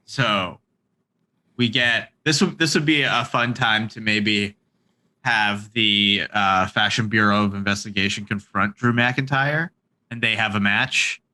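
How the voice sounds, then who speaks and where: A man's voice: on the low side, fairly even intonation, unhurried, pushed and bright. A man co-hosting a casual chat, steering the talk with hesitant, filler-heavy phrasing. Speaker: podcast co-host.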